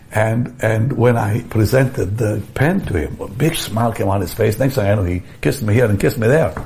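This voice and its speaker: An older man telling a personal story in an interview, animated, often repeating words, restarting phrases and chuckling. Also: on the low side, creaky, a little hiss or hum. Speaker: evangelist guest telling a story.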